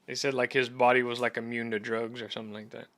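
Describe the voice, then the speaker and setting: A man's voice: medium pitch, flat delivery, fast talker, fairly bright tone, no echo. Casual profane Texan male podcast host. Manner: rambling, loose and profane. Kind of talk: casual chat.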